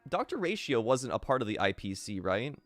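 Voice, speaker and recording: A man's voice: medium pitch, very animated, a little fast, a bit bright, soft background music. A man streaming a game live, thinking aloud and answering chat with many fillers.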